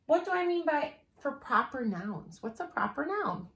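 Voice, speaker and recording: A woman teacher walks her class through a writing lesson in a clear, patient way, leaning on slow, stressed examples. Her voice sits a little high for a woman. The room around her is roomy and echoey. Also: very animated, fairly bright tone.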